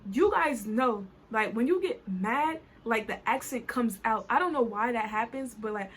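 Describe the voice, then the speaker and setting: A young woman with a Caribbean accent tells a storytime vlog in a high, bright voice. She talks in an animated, indignant way. Faint noise can be heard behind her. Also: normal speed. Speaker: vlogger. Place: New York.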